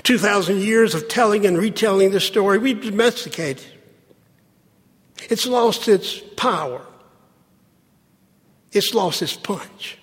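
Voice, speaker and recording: A man preaching a sermon, with dramatic pauses and lines that drop to a hush. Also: high voice, slightly rough. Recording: long hall reverb.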